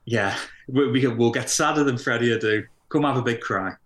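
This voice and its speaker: Man, podcast co-host, casual chat, dry teasing humour, mid pitch, roomy sound. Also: brisk, fairly bright tone. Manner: wry, teasing. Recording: roomy echo.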